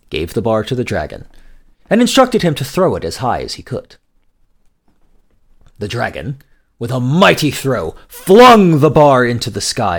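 A man narrating a scripted folk tale in a measured storytelling manner. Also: medium pitch, breathy edge.

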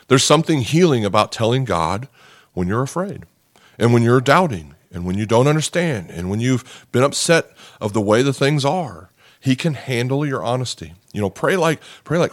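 A man's voice: mid-range voice, no room sound. Earnest male pastor preaching, dry sound. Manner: earnest and conversational, repeats words, often asks "okay?". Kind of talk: sermon. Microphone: podcast microphone.

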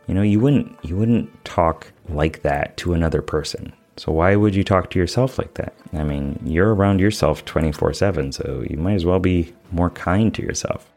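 Male life coach, podcast monologue, very deep voice, casual and earnest. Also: darkish tone. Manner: earnest and casual, with many fillers. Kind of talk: self-help podcast monologue.

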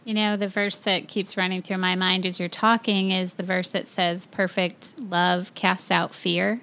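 A woman hosting a faith podcast, speaking gently and reflectively and quoting scripture. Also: on the low side, flat delivery, unhurried. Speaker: podcast host.

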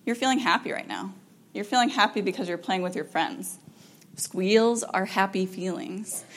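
A woman counselor giving an informal talk to parents, chatty and animated, with frequent ums and laughs, acting out what parents and children say. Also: mid-range voice, moderate pace. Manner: animated, acts out quoted parent and child lines.

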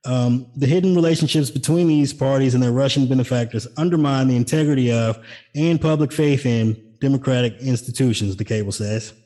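A man hosting a casual political podcast with a middle-range voice. He mixes news reading with dry, sarcastic jokes. His talk is relaxed and conversational. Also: medium pitch, a little fast. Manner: wry, sarcastic asides. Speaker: podcast host.

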